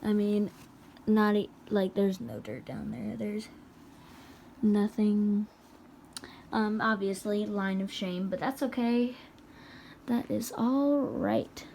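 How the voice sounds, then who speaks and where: A woman's voice: medium pitch, fairly even intonation, slow pace, darkish tone, a little hiss or hum. A woman giving a casual home product review, chatty and rambling with lots of fillers, speaking indoors at home.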